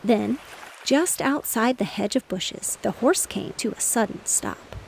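A woman narrating a bedtime story in a gentle, steady reading voice. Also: fairly high pitch, measured pace, gravelly, slight background noise. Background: faint waves.

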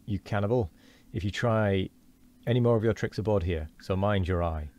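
A man's voice: on the low side, normal speed, a little mellow, natural voice. A man voicing a gaunt, angry sea captain in a storybook reading, blustering and threatening.

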